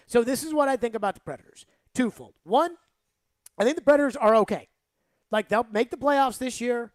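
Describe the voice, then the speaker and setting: A woman's voice: on the high side, no echo. A woman hosting sports talk radio, giving rambling, emphatic opinions and saying "like" a lot.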